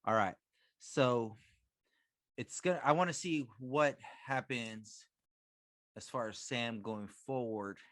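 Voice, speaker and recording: A man talking as a guest on a casual podcast, telling personal stories in a relaxed way. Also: mid-range voice, slow pace, long pauses, no room sound, studio quality.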